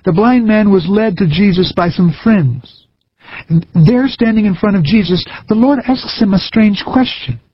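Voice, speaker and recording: Husky-voiced preacher, earnest and measured. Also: male voice, sits high, no room sound, dull audio. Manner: earnest, measured, folksy storytelling. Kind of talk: recorded sermon.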